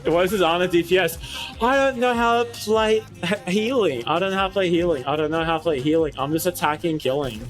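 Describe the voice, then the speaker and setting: An excitable young man commentating his own gameplay on a live stream, with a voice that sits a little high for a man. He shouts quick callouts, swears casually and repeats himself insistently when he argues, while faint music plays under him.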